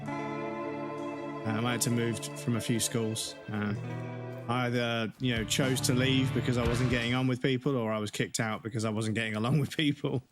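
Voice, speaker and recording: A forty-year-old man chats to his live-stream audience at a desk mic, casual and profane, his voice sitting at an ordinary middle pitch. Game music plays clearly behind him. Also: little pitch movement, normal speed. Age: 40s. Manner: casual and profane, talking straight to chat. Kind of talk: live-stream gaming chat.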